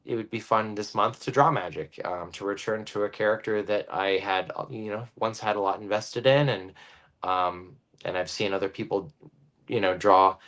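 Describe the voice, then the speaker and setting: Low-voiced man explaining his art, halting. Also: steady tone, fairly bright tone. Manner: halting, thinking aloud with many pauses. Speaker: guest comic book artist. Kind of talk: casual explanation of drawing process.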